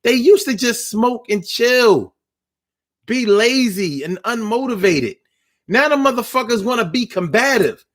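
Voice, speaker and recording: A man's voice: very high-pitched, animated, a little slow, fairly bright tone. A man hosting a casual livestream talk, ranting bluntly and profanely in slangy street talk while reading viewer comments. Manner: blunt, profane, preachy rant.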